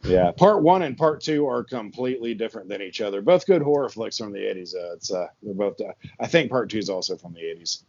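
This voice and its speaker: A man's voice: lowish voice, expressive, fast, few pauses, darkish tone, dull audio, slight background noise. A man hosting a horror comedy podcast from his barn, rambling casually with lots of fillers and laughs. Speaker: podcast host. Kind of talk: casual chat. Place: his barn with the door open and a fan on.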